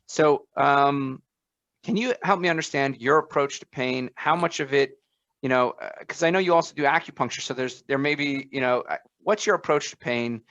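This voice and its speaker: A man's voice: mid-range voice, normal speed, a bit bright, dry recording, muffled recording. A man co-hosting a podcast interview, telling stories emphatically with many fillers. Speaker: podcast co-host.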